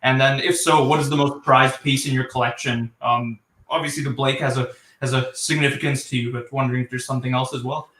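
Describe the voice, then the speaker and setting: A man's voice: mid-range voice, fairly even intonation, a little fast, fairly bright tone, echoey room, poor audio. A man hosting an interview over a video call, asking long questions and mostly reacting briefly. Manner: brief backchannels and laughs, asks long questions. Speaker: interview host. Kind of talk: casual interview.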